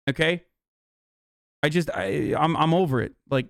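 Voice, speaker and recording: A man's voice: fairly high pitch, unhurried, creaky, dry recording, studio quality. A man streaming political commentary in a heated, exasperated, profane rant, restarting sentences as he goes.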